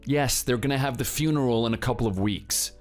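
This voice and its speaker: A man's voice: mid-range voice, brisk, faint music behind, lightly acted. A man voicing a husband named Theo in a scripted drama, curt and defensive with his wife. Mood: withdrawn. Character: grieving, cold husband Theo.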